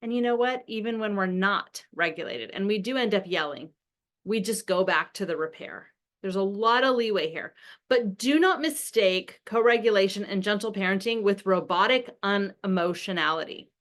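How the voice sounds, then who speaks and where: A woman's voice: medium pitch, normal speed, a bit bright. A middle-aged woman explaining parenting ideas in an earnest way, acting out what a parent might say with big emotion. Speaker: parenting expert. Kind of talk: explaining to camera.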